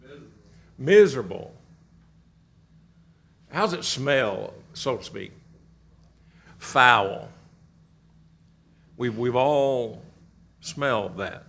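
A middle-aged man from Kentucky teaching a church Bible class, asking the class questions and repeating their answers with animated emphasis. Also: medium pitch, drawn-out words, vocal fry, long pauses.

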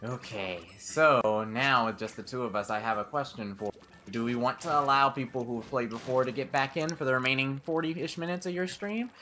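A man's voice: medium pitch, fairly quick. A man co-hosting a gaming session, chatting animatedly and joking at his own expense. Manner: animated, self-mocking. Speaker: co-host gamer. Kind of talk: casual gaming chat. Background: game music.

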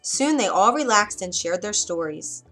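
A woman narrating a fairy tale for children, expressive with dramatic pauses. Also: mid-range voice, soft background music. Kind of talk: scripted storybook narration.

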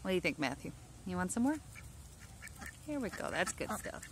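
A backyard duck keeper talks to her ducks in cooing, loving baby talk while shooting a casual vlog on her handheld phone camera. She speaks at normal speed in a lower voice with big pitch swings, and there's a little hiss or hum.

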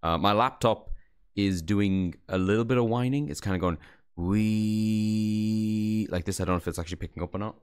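A man's voice: low-pitched, fast. A man streaming a game, chatting casually with viewers in a rambling, jokey, self-deprecating way. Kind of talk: casual livestream chat.

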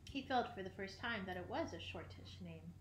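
A woman reading a children's classic aloud, expressive, with occasional slips and throat clearing. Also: mid-range voice, moderate pace, a little hiss or hum. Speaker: audiobook reader. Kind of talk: storybook narration. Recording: roomy echo.

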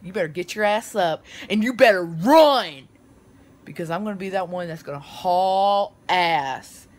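A woman chatting casually to her phone camera from bed, with playful shouts and sudden loud bursts. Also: lowish voice, measured pace. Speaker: vlogger. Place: lying in bed at home.

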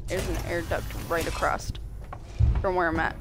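A woman with a low-ish voice and a slight Southern US accent speaks flatly at normal speed over background noise. She's giving live-streamed gameplay commentary, chatting and talking back to the game.

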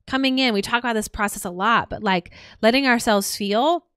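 A woman's voice: a little high, fairly quick, fairly bright tone, smooth, no room sound, studio quality. A woman hosting a solo podcast, talking earnestly in long lists of repeated phrases with frequent "like" fillers. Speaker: podcast host. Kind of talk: solo reflective podcast talk.

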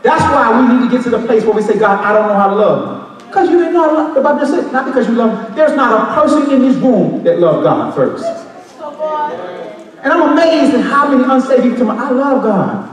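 In a church sanctuary, a high-voiced man delivers a passionate Pentecostal sermon, brisk and lively in intonation, shifting among shouts, half-sung lines and loose street talk. He sounds far away, with a long, ringing echo through the hall.

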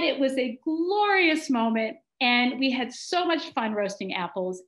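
A middle-aged woman telling a personal story on stage, animated and dramatic. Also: high voice, unhurried, hardly any pauses. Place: congregation hall on stage. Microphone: stage mic with feedback. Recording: echoey hall.

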